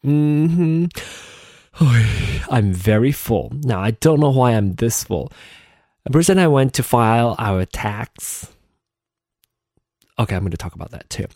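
Worn-out male podcast host, slow and chatty, swings up and down in pitch, dry close-mic sound. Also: expressive, a little mellow, no room sound. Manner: rambling, chatty, self-deprecating, swears offhandedly. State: tired. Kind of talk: casual solo podcast monologue. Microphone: close desk microphone.

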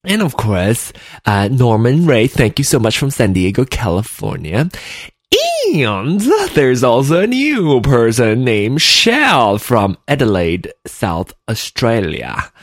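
Male podcast host, rambling, giggly, lively pitch, slow pace, dry close mic. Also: dry recording. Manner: rambling and giggly, lots of fillers. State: just woke up, clammy. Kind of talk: solo podcast chat. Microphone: desk mic at computer.

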